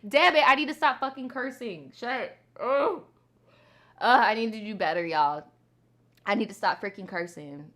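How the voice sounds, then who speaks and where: A woman hosts a casual storytime show, reacting to a story with animated, profane comments. Her voice sits fairly high and sounds bright and forceful. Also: normal speed. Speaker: storytime channel host.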